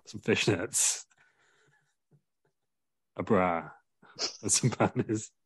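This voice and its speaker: A man's voice: on the low side, very slow, breathy edge, no room sound. A man telling a rambling comic wrestling story, laughing through his own jokes. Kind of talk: comedic storytelling.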